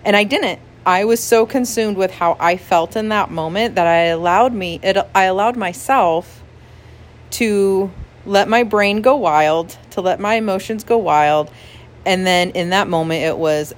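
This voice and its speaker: A woman hosts a casual devotional podcast and speaks in a candid, personal way. Her voice sits at a middle pitch. She often tags her thoughts with "like" and "right?" as she talks to her listeners. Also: a little slow. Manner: candid and personal, with frequent "like" and "right?" and soft laughs. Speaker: podcast host.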